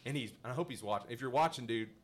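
Talking very fast in a mid-range voice, a male podcast host recounts an anecdote in relaxed conversation, with a slight hiss or hum in the background. He's lively, laughs often, and mimics the voices of the people involved.

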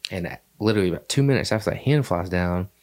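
Deep-voiced man telling a rambling story. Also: expressive, quick pace, a little mellow. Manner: rambling storyteller, many fillers and restarts. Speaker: podcast host. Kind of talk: casual chat.

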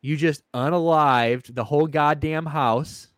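A man's voice: a little high, a little slow, clear, resonant tone, no echo, clean studio sound. A man co-hosting a podcast in casual chat, rambling and swearing as he tells a story, acting out the people in it. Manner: rambling, swearing, acts out voices in retelling. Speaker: podcast co-host.

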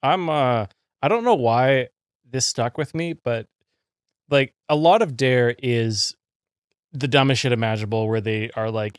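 A man's voice: mid-range voice, a little slow, no room sound, studio quality. A man, a podcast co-host, telling a story in casual chat and acting out what others said. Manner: storytelling, quoting people in put-on voices.

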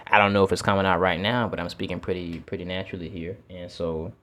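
Man, low voice, teacher, casual outdoor monologue, reflective, repetitive, occasional profanity. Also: steady tone, fast, a bit bright. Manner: reflective, repeats words, swears casually. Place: outdoors with feet in water.

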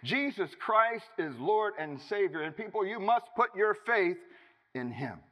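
A man delivers a sermon in a long-reverb church hall, his voice high and swinging widely in pitch. He preaches emphatically, leaning on single words with dramatic pauses. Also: expressive, bright, forceful tone. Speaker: pastor.

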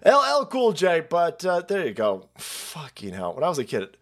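A profane, mocking male host rants over clips on his stream. His voice sits a bit high and swings widely between peaks and low grumbles. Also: huge pitch swings, normal speed, a bit bright. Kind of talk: ranting commentary on clips.

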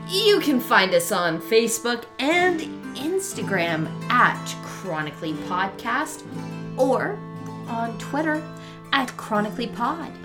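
A woman's voice: a little high, big pitch swings, slow, music in the background. A woman co-hosting a podcast in casual chat, playful and hesitant, trailing off into fillers. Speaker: podcast co-host.

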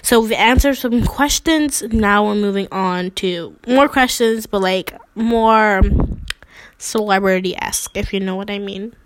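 A woman's voice: mid-range voice, unhurried, poor audio. A teenage girl hosting a pretend talk show, rambling and giggly, with lots of fillers. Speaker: host. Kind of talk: casual chat with mock interview.

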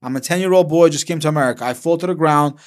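Fast-talking young man from Russia. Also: on the high side. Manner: animated storyteller who acts out quoted voices. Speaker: podcast host. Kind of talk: casual podcast chat.

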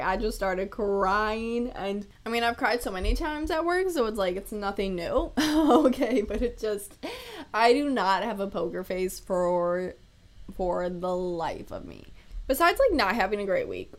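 A young woman hosting her own podcast, chatting casually on her own, laughing often and swearing freely. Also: mid-range voice. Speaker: podcast host. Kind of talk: casual solo podcast chat.

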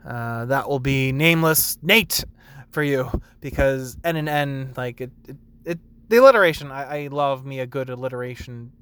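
A young man, a barista, rambling casually about work, full of fillers and bits where he acts out customers in a high sing-song voice. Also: moderate pace, fairly bright tone, smooth. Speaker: barista vlogger.

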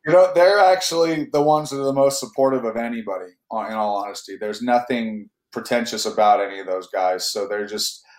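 A man's voice: on the low side, brisk, hardly any pauses, echoey room, poor audio. A man from Northern California, an actor telling a long story in a casual interview, rambling with many fillers and restarts.

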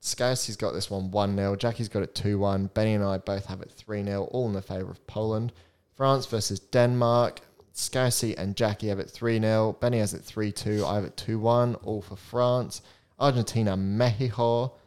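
A young man hosts a laid-back podcast chat. His voice sits low and comes across smooth and clear. He rattles through lists of match predictions and laughs often. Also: fairly even intonation, normal speed, hardly any pauses, darkish tone. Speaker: podcast host.

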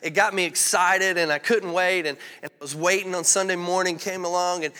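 A man's voice: high voice, steady tone, a little fast, pushed and bright, clean tone, long reverb tail. A male pastor preaching a sermon in a candid, conversational storytelling way.

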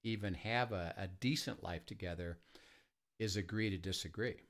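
A man leading a ministry, telling a story in conversation, earnest and halting, with many fillers and restarts. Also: deep voice, a bit bright. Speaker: ministry leader.

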